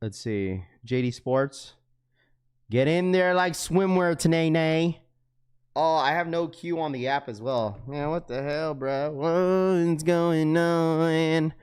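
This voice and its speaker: Excitable young man livestreaming to chat. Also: on the high side, takes it slowly, clean tone. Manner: excitable, slangy, keeps repeating himself to chat. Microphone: webcam setup.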